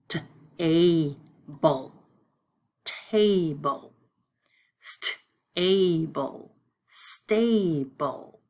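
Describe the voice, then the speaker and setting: A woman teacher giving a phonics lesson to children, sounding out each syllable slowly and deliberately. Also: medium pitch.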